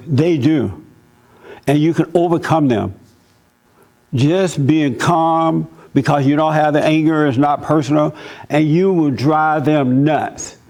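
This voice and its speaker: A man giving a church talk as pastor, telling stories in an animated, preachy way. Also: a little high, vocal fry.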